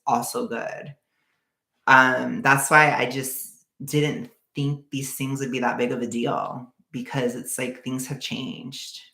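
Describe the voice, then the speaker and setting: A young woman with a low, gravelly voice chats through a casual livestream, reading viewer comments. She talks bluntly and sarcastically, and her voice rings in an echoey room. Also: a bit bright. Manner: blunt and sarcastic, laughs often. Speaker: streamer reacting to another stream.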